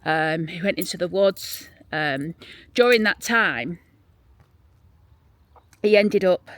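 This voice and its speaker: A woman with a Yorkshire accent telling a local true-crime story in a chatty, rambling way while walking through a churchyard, sometimes dropping to a hushed near-whisper. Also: on the low side, animated, slow, dry recording. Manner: chatty and rambling, drops to a hushed whisper when showing graves. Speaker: vlogger and graveyard guide. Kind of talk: casual storytelling walk-through. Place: outdoors in a churchyard.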